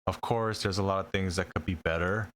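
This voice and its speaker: A man co-hosts a casual live stream conversation, getting exasperated as he recounts a story. His voice sits somewhat low, with faint background noise. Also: fairly even intonation, a little fast, a bit bright. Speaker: co-host. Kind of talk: casual chat.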